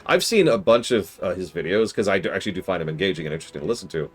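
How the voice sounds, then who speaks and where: A man streaming a strategy game, chatting casually and animatedly, with mock-exasperated outbursts and quiet mutters to himself while he plays. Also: low-pitched, lively intonation, rapid-fire, soft background music.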